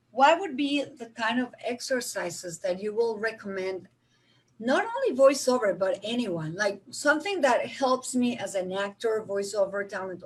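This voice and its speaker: A woman's voice: medium pitch, slightly rough, low-quality recording. A woman hosting a panel discussion, chatting and asking the guests questions. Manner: conversational, asks guests questions. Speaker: panel host.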